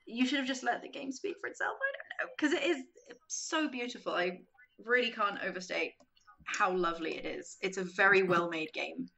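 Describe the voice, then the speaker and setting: A woman with a bright, crisp voice chats as a podcast guest. She tells stories in a lively way, acting out the quotes with plenty of "like" along the way. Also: mid-range voice, moderate pace. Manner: animated, acts out quotes, frequent "like". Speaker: podcast guest, games writer. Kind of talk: casual chat, storytelling.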